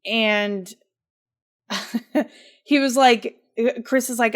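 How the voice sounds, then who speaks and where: A woman's voice: on the high side, very slow, long pauses, clear, resonant tone. A woman co-hosting a podcast, chatting casually and telling a game's story with lots of fillers and laughter. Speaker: podcast co-host. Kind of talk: casual chat recapping a game.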